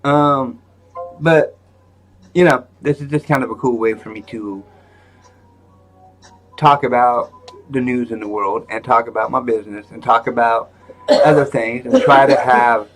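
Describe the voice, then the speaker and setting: A man's voice: medium pitch, fairly even intonation, measured pace, long pauses, faint music behind. A man hosting a live stream in a rambling, joking manner, with lots of fillers and restarts. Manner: joking, self-mocking. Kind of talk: casual live-stream chat.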